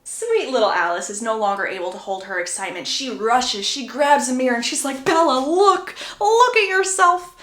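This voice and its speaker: Young female recapper, chatty and animated, a bit high-pitched, roomy echo. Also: fairly quick, hardly any pauses. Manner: chatty, acts out quotes with pitch jumps. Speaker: book summarizer. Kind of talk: casual storytelling recap.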